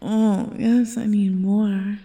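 A woman in a whispered role-play, talking softly, pleading and moaning, and often dropping into breathy whispers. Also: mid-range voice, fairly even intonation, slow. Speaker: audio role-play performer.

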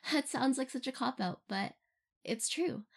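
A woman's voice: high-pitched, lively intonation, takes it slowly, breathy edge. A young woman answering fan questions in a casual, rambling way, giggling often and using lots of fillers. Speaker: audio role-play creator answering fan questions. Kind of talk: casual Q&A chat.

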